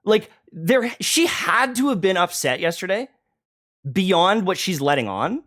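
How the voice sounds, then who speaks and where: In a heated online argument, a male stream host fights over a call in an agitated, confrontational manner and keeps tripping into restarts. He speaks unhurriedly in a high, slightly bright, sing-song voice.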